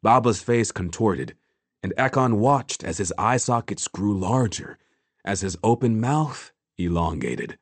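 A man narrating a work of fiction in a measured, deliberate way. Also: lowish voice, lively intonation, no room sound. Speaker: audiobook narrator.

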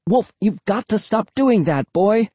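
Man playing an excited young boy, storybook, high shouted cries, dry close sound. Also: unhurried, breathy edge, dry recording, exaggerated voice. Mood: scolding.

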